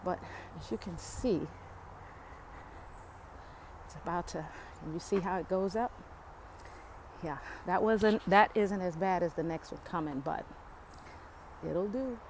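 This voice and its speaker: Her voice is on the low side, measured and frequently pausing, with slight background noise. She's a vlogger, out of breath on a wooded lakeside trail, joking with viewers as she films on her phone.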